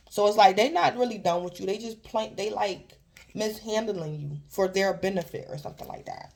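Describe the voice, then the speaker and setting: A woman's voice: medium pitch, moderate pace, creaky, darkish tone. A woman giving a casual tarot reading, rambling and repeating herself as she keeps addressing the listener by star sign. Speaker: tarot reader.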